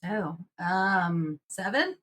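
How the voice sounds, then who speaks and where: A woman's voice: fairly low pitch, animated, very slow, a bit bright. A woman playing a trivia quiz, giving short, hesitant guesses and playful remarks. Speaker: quiz contestant. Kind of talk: casual game banter.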